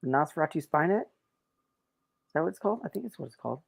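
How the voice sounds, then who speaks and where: Man, trivia contestant, casual chat, mid pitch, eager, dry sound. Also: vocal fry, no room sound. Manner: excitable, talks fast when eager.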